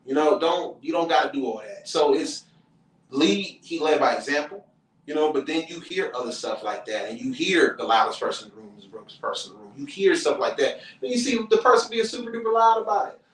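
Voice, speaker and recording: A man who is a comedian hosting a casual podcast, telling stories in a lively way and acting out other people's voices, with plenty of profanity. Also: fairly high pitch, fairly quick. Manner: animated storyteller who acts out quoted voices, profane. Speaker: comedian and show host. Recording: roomy, distant mic.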